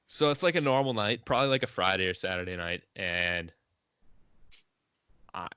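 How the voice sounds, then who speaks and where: A man's voice: deep voice, animated, unhurried, sharp tone, clean tone, no echo. A young man co-hosting a casual podcast, laid-back and joking as he starts his story. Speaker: podcast co-host. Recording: dry, dull lo-fi audio.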